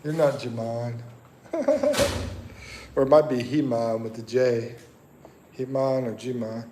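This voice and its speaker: A man hosts a casual livestream, reading viewer comments and thinking aloud in a rambling way. His medium-pitched voice is expressive, slow, and dark in tone, with a little hiss or hum.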